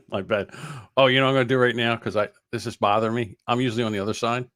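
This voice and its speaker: An older man co-hosting a podcast in casual, swearing, animated chat. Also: mid-range voice, no room sound, clean studio sound. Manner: animated, swearing, quick to laugh. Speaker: podcast co-host.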